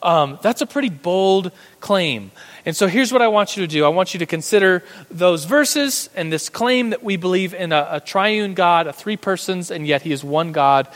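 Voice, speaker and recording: Male church class teacher with a slightly high voice, chatty and informal, tripping over restarts, in a room with a long echo. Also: animated, moderate pace, fairly bright tone. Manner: conversational, restarts often, playful slang. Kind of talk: casual Bible teaching.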